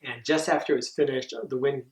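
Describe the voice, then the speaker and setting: A man giving a training talk to camp counselors, earnest and halting, with frequent ums and restarts. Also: medium pitch, fairly even intonation, far from the mic, rough recording. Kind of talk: instructional talk.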